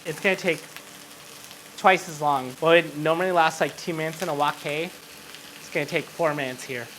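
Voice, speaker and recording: A man's voice: fairly high pitch, steady tone, moderate pace, a bit bright, a little hiss or hum. A drunk man hosting a casual cooking show, rambling, joking and swearing freely as he cooks in a home kitchen.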